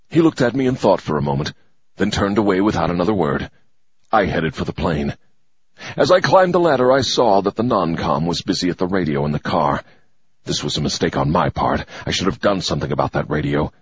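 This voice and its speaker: A man narrating a first-person adventure story in an expressive, dramatic way. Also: deep voice, brisk, slightly rough, highs cut off. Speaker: audiobook narrator.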